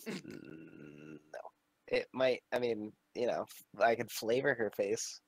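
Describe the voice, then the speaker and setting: A man's voice: fairly low pitch, slow pace, gravelly, breathy edge, no room sound, rough recording. A man chatting casually as a player in a tabletop game, stumbling over restarts. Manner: animated, laughing, stumbling restarts.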